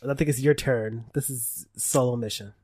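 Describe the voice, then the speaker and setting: A tipsy young man co-hosting a podcast, excitable and swearing a lot, laughing often. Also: mid-range voice, moderate pace, no echo, clean studio sound. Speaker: podcast co-host. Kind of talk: casual chat.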